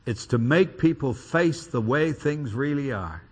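A man's voice: medium pitch, a little slow. A man preaching an expository sermon, reading and explaining scripture with emphatic, dramatic delivery. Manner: lively, emphatic Bible reading with dramatic quotes.

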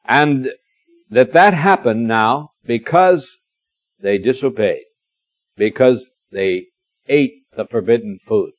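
A middle-aged man preaches through a scripture passage, lingering on key words and slipping in wry asides. His voice has a medium pitch. The recording is dull and dry, like an old cassette. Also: no room sound. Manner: warm storytelling, gently humorous, reads scripture slowly. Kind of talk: expository sermon.

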